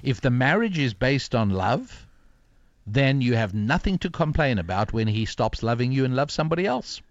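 A man's voice: medium pitch, very animated, normal speed, no echo. Older man telling a story, dry muffled audio. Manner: reflective, many fillers and restarts. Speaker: author and guest. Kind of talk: interview storytelling.

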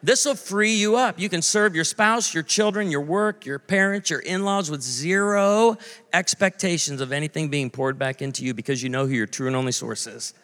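A man's voice: fairly high pitch, moderate pace, fairly bright tone. A man in his forties preaching a sermon, telling stories with comic voices and asides to the audience. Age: 40s. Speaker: pastor. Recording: long hall reverb.

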